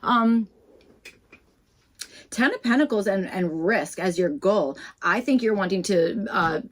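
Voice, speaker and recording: Young woman, tarot reader, casual rambling chat with restarts and fillers. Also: mid-range voice. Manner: chatty and self-deprecating. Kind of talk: casual tarot reading to camera.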